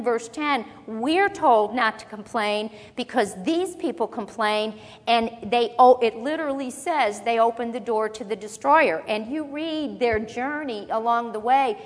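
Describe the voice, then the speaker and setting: Higher-pitched woman preaching in a reverberant hall. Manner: conversational, animated preaching with asides. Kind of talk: sermon, Bible teaching. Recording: long reverb of a large hall.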